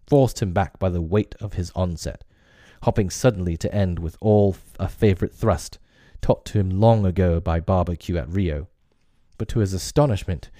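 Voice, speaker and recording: A man with a very low, mellow voice reads a classic story aloud. His narration is measured and expressive, recorded dry and close with no room sound. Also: no echo.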